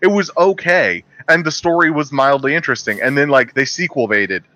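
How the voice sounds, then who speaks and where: A young man from Louisiana in casual podcast chat, telling stories with quick silly voices. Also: fairly high pitch, dry recording. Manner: animated storyteller doing quick silly voices.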